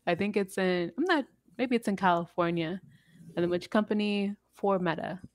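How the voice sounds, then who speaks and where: A woman's voice: mid-range voice, normal speed, no room sound. A woman with a standard American accent teaching English on a video call, patient and friendly as she explains pronunciation. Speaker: English tutor. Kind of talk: online English lesson.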